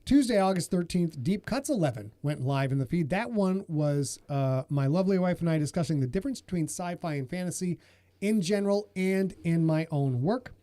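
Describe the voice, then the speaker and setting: A man's voice: fairly high pitch, expressive, a little fast, mellow, dry recording. A man hosting a podcast in casual chat, joking and swearing freely. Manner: joking, profane, blustery. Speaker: podcast host.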